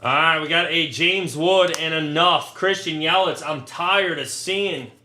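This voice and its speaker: A man's voice: a little high, unhurried, sharp tone. A man hosting a casual card break who lists the hits and rants between them in a blunt, profane, sarcastic way. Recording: echoey room, faint noise. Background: crinkling card wrappers, clicks.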